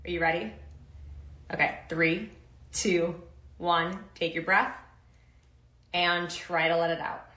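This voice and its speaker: A woman's voice: on the low side, steady tone, slow pace, long pauses, pushed and bright, reverberant, rough recording. A woman strength coach giving upbeat, casual instructions with slang and countdowns for kettlebell lifts.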